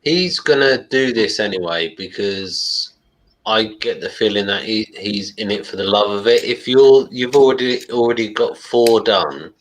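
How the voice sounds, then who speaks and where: A man's voice: fairly low pitch, normal speed, a little hiss or hum, poor audio. A man hosting a casual online chat and joking as he rambles along. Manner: jokey, rambling. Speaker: show host.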